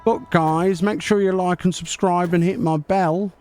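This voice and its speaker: A man sends up a breathless clickbait host, voice pushed higher than his own and full of hype. He hammers "guys" and subscribe plugs over faint game music. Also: fairly even intonation, a little slow, darkish tone. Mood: hyped. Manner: hyped, repeats "guys", pushy sign-off plugs. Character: over-eager male clickbait video host. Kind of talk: parody of a video intro.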